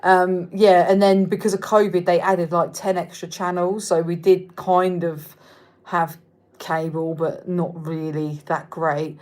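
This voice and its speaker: Casual southern english woman on a livestream, a bit low-voiced, chatty and sweary, answers viewer comments. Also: level tone, measured pace, darkish tone. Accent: Reading, southern English. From England. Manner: chatty, frank and swearing, loses her thread. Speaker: livestream host.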